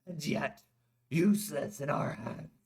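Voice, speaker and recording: A man voicing a grim, vengeful male warrior lieutenant who talks in a low, intense, commanding way. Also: slow, slightly rough, exaggerated voice. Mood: angry.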